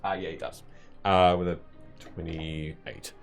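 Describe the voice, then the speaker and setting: A man narrating as game master of a tabletop game, halting with many fillers and frequent laughs. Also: low voice, little pitch movement, vocal fry, faint music behind.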